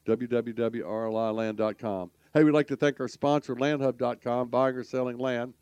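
A man's voice: medium pitch, steady tone, moderate pace, darkish tone, clear, resonant tone, dry recording. A man hosting a radio talk show, folksy and rambling, often stumbling over his words. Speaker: podcast host.

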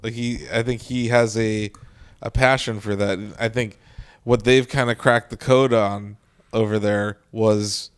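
A man's voice: fairly low pitch, fairly even intonation, unhurried, clean tone. A man co-hosting a casual chat, explaining his views in an earnest, talkative way. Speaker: podcast co-host.

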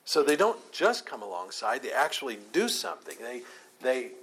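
A man's voice: medium pitch, very animated, moderate pace, fairly bright tone, a little hiss or hum. A man leading a Bible study, teaching with emphatic, repeated phrases.

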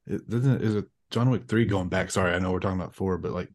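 A man's voice: low-pitched, fast talker, a little mellow. A man talking as a podcast guest, rambling and hesitant with many restarts. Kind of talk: casual movie discussion.

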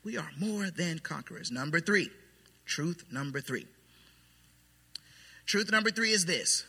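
A man preaching a sermon as pastor, emphatic and then quietly intense. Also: fairly high pitch, lively intonation, unhurried, gravelly, husky. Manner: emphatic preaching that drops to soft, hushed intensity. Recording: long hall reverb.

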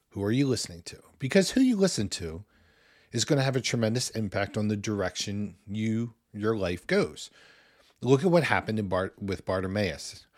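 A man with a somewhat low voice hosts a faith podcast. He teaches in an earnest, conversational way, now and then breaking into a small laugh. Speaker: podcast host.

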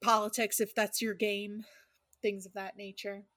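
Woman, podcast co-host, bright tone, dry close sound, casual astrology chat, chatty. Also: mid-range voice, flat delivery, measured pace, dry recording. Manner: chatty, laughs easily, reads horoscope text aloud.

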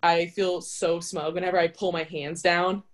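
A woman's voice: fairly low pitch, level tone, normal speed. A woman in casual chat as a volleyball player and guest, emphatic and laughing often as she acts out her own thoughts.

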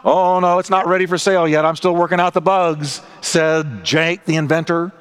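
A man's voice: on the high side, fairly even intonation, normal speed, a bit bright, smooth. A man preaching a sermon as pastor, telling stories and acting out the characters' lines with emphatic delivery. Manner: storytelling preacher, acting out voices in a joke.

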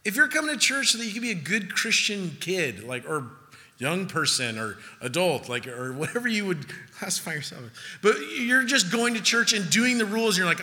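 Male pastor, sermon, urgent and emphatic, very bright tone, long hall reverb. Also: sits high, very animated, a little fast. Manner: emphatic, rising to urgent peaks, then hushed storytelling.

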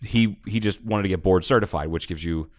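Profane, animated man telling stories. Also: deep voice, brisk. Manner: profane, animated storyteller who acts out quoted people. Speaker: podcast co-host. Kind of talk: casual chat.

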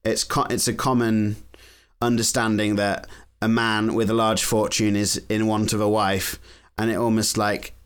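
A man's voice: fairly low pitch, level tone, normal speed, smooth. A man chatting on a podcast, rambling with many restarts. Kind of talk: casual podcast chat.

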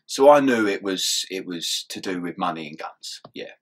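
A man's voice: low-pitched, lively intonation, moderate pace, slight background noise. A young man telling his story in a casual interview, swearing and laughing as he goes. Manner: swears often and laughs through his story, mumbling asides. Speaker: interview guest.

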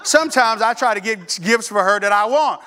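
A male pastor telling a playful, animated story to his congregation in church, talking to the people directly. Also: high voice, moderate pace. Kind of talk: storytelling sermon.

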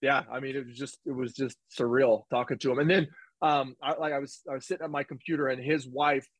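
A man telling a personal story in a casual interview, animated and rambling, with restarts and quoted dialogue. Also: medium pitch, fast talker, dry recording, low-quality recording. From United States. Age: 20s. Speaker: guest, former football player. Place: home office.

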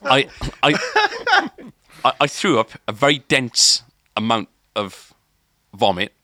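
Bright-voiced man rambling through a story. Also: mid-range voice, wildly swooping pitch, takes it slowly, no echo, studio quality. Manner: rambling, lots of filler and restarts. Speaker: podcast co-host. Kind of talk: casual storytelling.

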